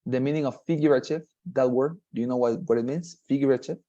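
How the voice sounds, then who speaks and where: A man's voice: mid-range voice, dark tone, muffled recording. Patient man tutoring on a video call. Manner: patient, explains slowly with many fillers and restarts. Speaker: English tutor. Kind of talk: one-on-one online lesson.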